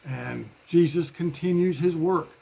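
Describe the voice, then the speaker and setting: Gravelly-voiced man preaching casually. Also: fairly high pitch, a little slow, warm tone. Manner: conversational, with playful voiced asides. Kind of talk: informal sermon.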